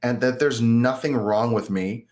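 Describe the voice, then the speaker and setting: Casual, animated male therapist. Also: medium pitch, unhurried. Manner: animated, acts out self-talk in quotes. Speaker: therapist guest. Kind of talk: casual interview talk.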